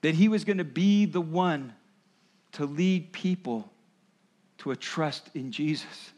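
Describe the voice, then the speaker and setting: A pastor with a slowish, high-leaning voice preaches a sermon, explaining as he goes. He's animated, acting out the voices of parents and of Jesus.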